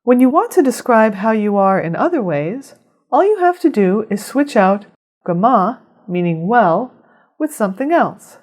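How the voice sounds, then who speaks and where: A woman narrating a scripted language lesson, explaining phrases clearly and pronouncing them with care. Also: on the high side, sing-song, darkish tone. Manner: clear, measured instruction with careful pronunciation. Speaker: language teacher.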